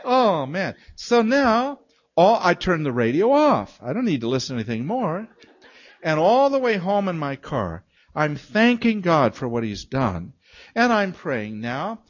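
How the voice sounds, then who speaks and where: Animated man telling a story in a sermon. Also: fairly high pitch, slow pace, lo-fi sound. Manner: animated storytelling, acting out quoted voices.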